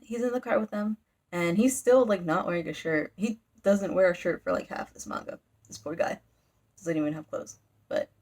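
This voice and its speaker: A woman's voice: fairly low pitch, darkish tone. A young woman casually recapping a manga volume for her channel, rambling with lots of "like" and briefly acting out the characters' lines. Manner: rambling and chatty, full of "like" fillers; briefly dramatizes character lines mid-story. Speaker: YouTuber reviewing manga.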